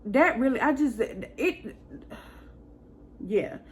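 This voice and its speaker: A woman's voice: on the high side, expressive, drawn-out words. A young woman vlogger telling a casual storytime, chatty and exasperated, full of asides.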